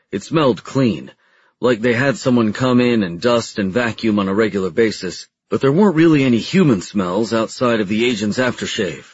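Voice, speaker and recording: A man's voice: mid-range voice, breathy edge, no room sound, highs cut off. A man narrating a first-person audiobook in a plain, matter-of-fact way.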